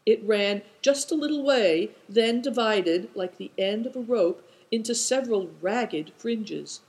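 A narrator reading a storybook aloud in a measured, descriptive way. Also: mid-range voice, animated, poor audio. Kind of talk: audiobook narration.

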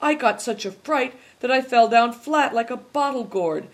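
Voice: medium pitch, expressive, moderate pace, lightly acted. A reader doing a plaintive, drawling servant man. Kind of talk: audiobook character reading.

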